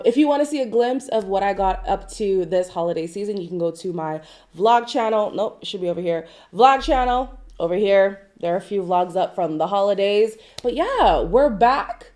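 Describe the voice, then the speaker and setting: A stuffy, nasal woman vlogger talking through celebrity news in a mellow, rounded tone. She chats casually, reads articles aloud and breaks off into quick asides, her pitch jumping up for emphasis. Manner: chatty, asides and hedges, swoops up in pitch for emphasis. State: sick with a stuffy nose. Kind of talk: casual chat to camera, reading articles aloud.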